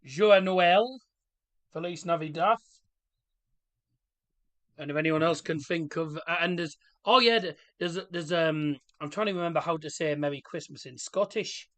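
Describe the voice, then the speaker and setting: A man hosting a live match watchalong, talking in a loose, rambling way with corny jokes. His voice sits a little high and sounds bright and forward. He breaks off to shout at the referee and the players. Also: a little fast, hardly any pauses. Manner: chatty, rambling, jokey, reacts loudly to play. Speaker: livestream host. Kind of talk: casual match watchalong chat.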